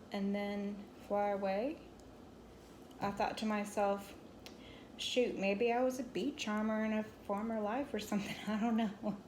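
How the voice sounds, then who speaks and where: A woman in her forties chatting casually to her viewers from home, rambling through a childhood story with plenty of asides. Her voice sits at a middling pitch, with a little faint room noise behind her. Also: darkish tone. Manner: rambling, chatty, talks straight to viewers, scolds a pet mid-story. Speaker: crochet vlogger.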